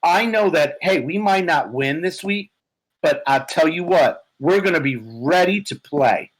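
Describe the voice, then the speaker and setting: Excitable, profane sports fan man. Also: a little high, unhurried, a crowd in the background, rough recording. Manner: animated, profane, laughing. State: hoarse from yelling. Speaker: podcast co-host, Giants fan.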